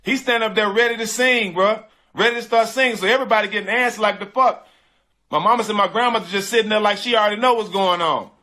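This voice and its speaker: Earnest male storyteller, bright and a bit high. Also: quick pace, hardly any pauses. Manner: earnest, repetitive, slangy. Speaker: guest telling a personal story. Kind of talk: emotional storytelling.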